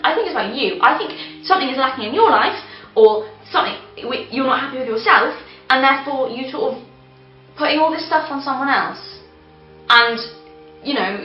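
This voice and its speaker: A high-pitched woman rants to camera as a book reviewer, exasperated and sarcastic, breaking into laughter at the absurdity. Her voice rings in a roomy, echoey space, the sound a little dull, with faint music underneath. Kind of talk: casual vlog rant.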